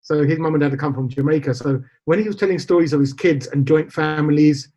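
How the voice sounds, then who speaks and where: A middle-aged man, a podcast guest, telling stories in an animated, chatty way. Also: on the high side, fast talker. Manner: storytelling, animated. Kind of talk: casual interview chat. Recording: dull lo-fi sound.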